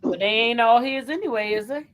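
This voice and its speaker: A woman's voice: fairly high pitch, a little fast. A woman hosting a casual gossip chat about reality TV. She talks bluntly and acts out what people should have said.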